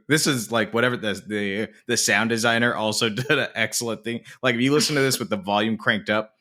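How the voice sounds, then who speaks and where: A man co-hosting a casual film podcast, retelling a movie scene in animated detail with plenty of swearing. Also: on the low side, fairly quick. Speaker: podcast co-host.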